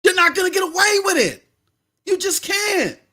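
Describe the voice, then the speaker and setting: A man hosting a live-streamed podcast, talking straight to his viewers in an animated rant that often rises to yelling. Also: very high-pitched, moderate pace. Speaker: podcast host.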